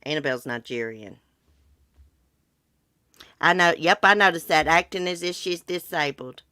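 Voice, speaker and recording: In a clean, echo-free studio recording, a congested middle-aged woman runs a casual livestream about true crime, speaking bluntly and chattily to viewers. Her low-pitched voice is pushed and bright with lively intonation, clean in tone, at a moderate pace.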